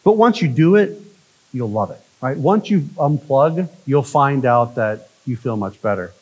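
A male pastor delivering a conversational sermon, often checking in with "right?" and swinging from emphatic lines to hushed ones. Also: medium pitch, expressive, measured pace, breathy edge, low-quality recording.

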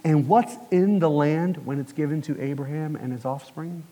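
Guy preaching a sermon, kinda high voice, chatty, asks the room questions, big echoey church hall. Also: moderate pace, warm tone. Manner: conversational, asks the congregation questions. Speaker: pastor.

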